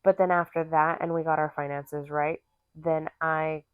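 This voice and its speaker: Casting note: thirties woman with a low voice, blunt teasing co-host, dry and tinny recording. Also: little pitch movement, moderate pace, smooth, dry recording. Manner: teasing, blunt, acts out voices in her stories. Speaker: podcast co-host. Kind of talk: casual chat. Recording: tinny phone-like sound.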